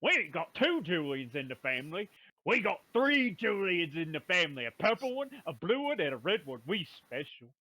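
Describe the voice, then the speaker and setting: A man's voice: high-pitched, very animated, normal speed, sharp tone. Rowdy man recapping a tabletop game. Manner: playful rough-talking brute drawl, "me brother", "we was". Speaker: player recapping the session.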